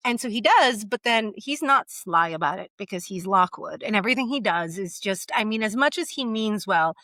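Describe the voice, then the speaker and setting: Lively young woman chatting about a book, a little high, dry close sound. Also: moderate pace, hardly any pauses, no echo. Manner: animated, acts out characters in quoted asides. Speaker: podcast co-host. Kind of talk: casual book discussion.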